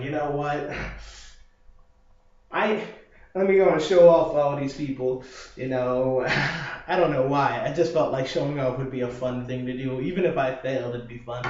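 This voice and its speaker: A man's voice: a little high, a little mellow. A young man telling a casual video diary, rambling through stories and acting out what people said, from an apartment living room. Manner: rambling storytelling, acting out quotes with laughs. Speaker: vlogger. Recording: echoey, muffled room recording.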